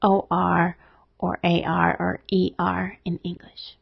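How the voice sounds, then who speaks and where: Gravelly woman teaching spelling rules. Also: on the low side, slow, no room sound. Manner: steady, methodical explaining. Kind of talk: scripted instructional narration. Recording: dry, dull lo-fi voice-over.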